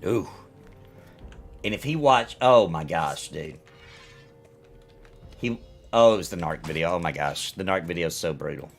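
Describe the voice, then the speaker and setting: A man's voice: low voice, unhurried, long pauses, soft background music. A man chatting casually on a live game stream, rambling and ranting as he reacts to his chat.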